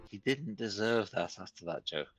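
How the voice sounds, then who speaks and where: A man's voice: on the low side, expressive, moderate pace, fairly bright tone, no echo, faint music behind. A man playing a tabletop game, chatting and teasing the others. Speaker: player. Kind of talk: casual game chat.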